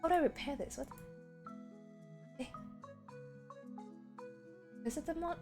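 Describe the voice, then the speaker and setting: A woman's voice: high-pitched, a little slow. A young woman streaming a game, chatting casually and giggling, sometimes switching between English and German. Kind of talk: casual gaming stream chat. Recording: faint background game music.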